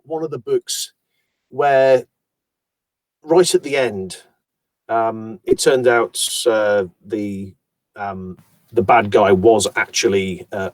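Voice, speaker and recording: Chatty audiobook narrator from Yorkshire. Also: male voice, on the low side, no room sound. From Yorkshire, England. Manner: animated, chatty storyteller who slips into accents. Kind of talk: casual conversation about voice work.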